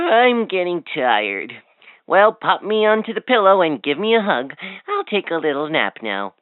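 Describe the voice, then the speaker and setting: A cheery joke-telling toy, coaxing the kid to answer, slow and sing-song, tinny little speaker. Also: female voice, medium pitch, huge pitch swings, no echo. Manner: coaxing, prompting the child to answer. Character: cheerful talking toy companion who tells jokes.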